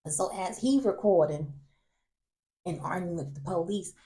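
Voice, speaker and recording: A man hosting a vlog, telling a college story in a casual, animated way, often laughing and acting out what others said. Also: high voice, moderate pace. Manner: animated, acts out other people's lines in raised voices. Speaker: vlog host.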